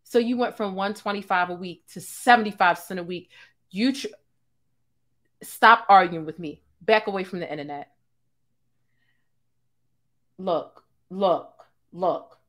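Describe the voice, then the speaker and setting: A young adult woman hosting a live-stream, ranting in a sassy, profane, animated way with asides to her chat. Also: on the low side, a little slow, long pauses. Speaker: host.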